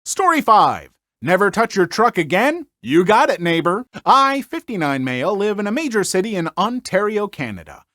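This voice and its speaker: A man from northern Minnesota reading online stories aloud and breaking off for animated, jokey commentary as a podcast host. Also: high voice, normal speed, few pauses, dry recording, clean studio sound. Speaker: story narrator and podcast host.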